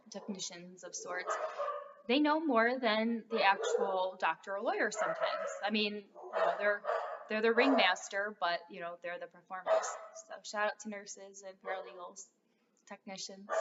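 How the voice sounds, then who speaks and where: A woman's voice: medium pitch, very noisy. A young adult woman rambling through a casual vlog, full of fillers as she talks straight to her viewers. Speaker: vlogger. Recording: dull lo-fi sound.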